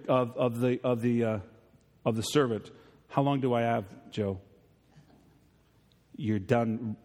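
A middle-aged male pastor preaching a sermon to his congregation, rising to emphatic peaks and then dropping low and quiet, acting out voices when he retells a story. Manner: acts out voices in retold stories. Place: church sanctuary. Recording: long hall reverb.

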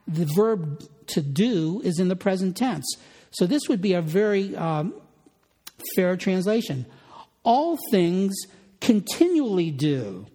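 A man delivers a sermon in a mellow, darker voice. He takes his time, slowing over scripture and repeating key words. The sound carries a long reverb, like a large hall. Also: high-pitched. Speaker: pastor.

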